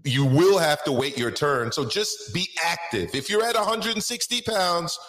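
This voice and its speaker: A man's voice: fairly high pitch, animated, moderate pace, a bit bright, echoey room. A man co-hosting a casual boxing talk show, stretching names out in a sing-song way for emphasis.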